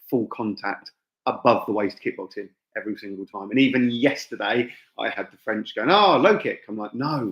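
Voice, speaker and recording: A man's voice: fairly low pitch, fairly bright tone. A middle-aged English man, a fight promoter, chatting informally to viewers on a live stream, full of asides and fillers. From England. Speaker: fight promoter and gym owner. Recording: echoey dull room sound.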